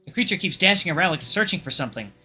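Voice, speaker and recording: Young man, game narration, lively pitch, bright tone, music underneath. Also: rapid-fire, breathy edge. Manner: expressive, lively reading with laughs. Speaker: gaming YouTuber. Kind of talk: reading a visual novel aloud with asides.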